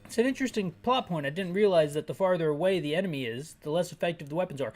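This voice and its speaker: A woman's voice: on the low side, lively intonation, racing, a little mellow, soft background music. A woman narrating a descriptive audio game playthrough with sarcastic, ranting asides. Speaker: game commentator.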